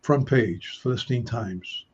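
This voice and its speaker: A man's voice: mid-range voice, slow pace, breathy edge, highs cut off. A man hosting a Bible study discussion, chatty, reading verses aloud and putting questions to his listeners.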